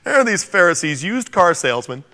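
A man preaching a sermon to a congregation, animated and joking, acting out the scripture quotes. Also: high voice, a little fast. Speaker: pastor. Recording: long reverb of a large hall.

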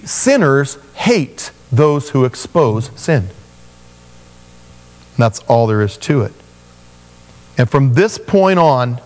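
A man preaching a sermon, telling Bible stories with animated voices for the characters. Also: fairly high pitch, long reverb tail. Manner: animated storytelling, acting out biblical figures in voices. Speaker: pastor.

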